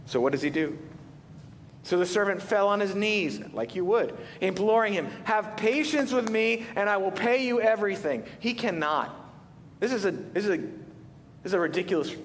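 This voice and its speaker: Male pastor, high voice, animated sermon storytelling with rhetorical questions, reverberant church hall. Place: church sanctuary. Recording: reverberant hall with faint rumble.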